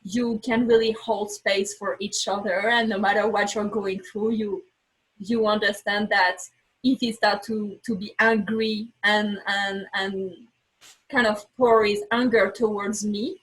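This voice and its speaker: A woman guest on a podcast telling a candid personal story, animated and acting out her own words, speaking English as a second language with small slips. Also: mid-range voice, a little slow, slightly rough, rough recording.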